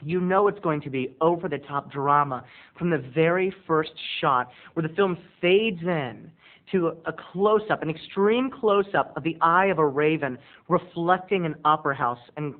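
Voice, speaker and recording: A man giving a casual, animated, campy movie review as a video blogger. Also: on the high side, moderate pace. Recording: tinny lo-fi recording.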